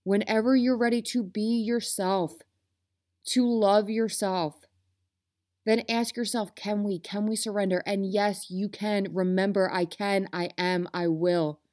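Woman host, motivational talk, earnest and passionate, mid-pitched voice, addressing listeners directly. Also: steady tone, a little slow, a little mellow. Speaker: self-help podcast host.

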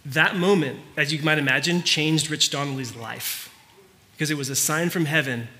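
A man preaching, telling a story in a conversational way that turns quiet and earnest. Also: a little high, moderate pace. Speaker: pastor. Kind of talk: sermon.

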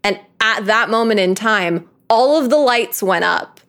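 A woman's voice: mid-range voice, a little slow. Woman telling a story, laughing as she goes. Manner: animated, laughing, full of filler "like". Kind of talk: casual chat, storytelling.

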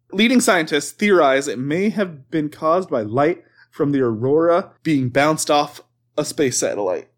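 A man with a slightly higher voice reads a list aloud on a casual podcast. He laughs at his own stumbles and swears when he trips over a word. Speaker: podcast host reading cryptid lore. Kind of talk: casual chat, reading aloud.

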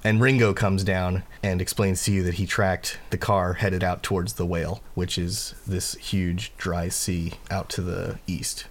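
Brief: game master man, deep voice, casual rambling narration. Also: measured pace, hardly any pauses. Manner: relaxed, rambling with fillers.

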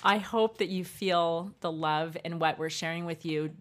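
A woman with a lowish voice hosts a faith podcast. She explains ideas gently and affirms her co-host with warmth. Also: steady tone, moderate pace.

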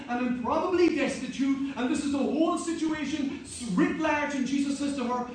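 A man's voice: very high-pitched, expressive, a little fast, few pauses, slight background noise. A man preaching a sermon in an earnest, repeating way that builds to emphatic points. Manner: earnest, repetitive, rising to emphatic. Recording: echoey hall, mic at a distance.

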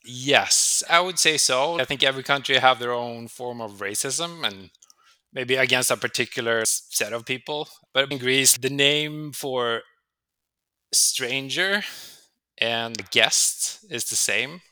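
A man tells stories as an interview guest, his voice bright and forward. He slips into lively quoted voices as he goes, recorded close and dry with no room sound. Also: mid-range voice, unhurried, dry recording. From Sweden. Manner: animated, acts out quoted voices. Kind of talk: conversational storytelling.

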